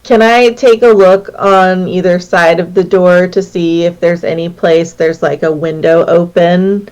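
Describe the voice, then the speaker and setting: A woman takes her turn as a player in a tabletop role-playing game. She speaks slowly and hesitantly in a slightly low voice. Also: fairly even intonation, a little mellow, poor audio. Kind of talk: casual chat.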